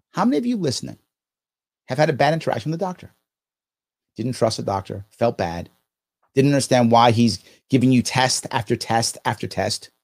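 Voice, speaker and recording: A man's voice: medium pitch, a little mellow. A man in his fifties reacting to viewer comments, indignant and emphatic, repeating lines for effect. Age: 50s. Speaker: podcast host reacting to comments.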